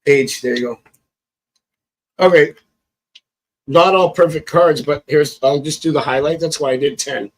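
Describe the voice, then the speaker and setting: Slightly high-voiced male tarot reader on a casual phone live stream, chatty and prone to chuckles. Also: a little slow, long pauses, poor audio. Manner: chatty, thinks aloud, chuckles often.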